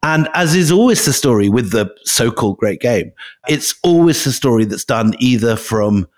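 A middle-aged man co-hosting a podcast, speaking in a measured, thoughtful way in casual conversation. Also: mid-range voice, expressive. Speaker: podcast co-host.

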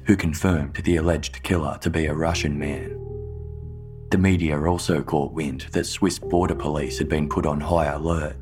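Deep-voiced man narrating true crime. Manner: measured, even storytelling delivery.

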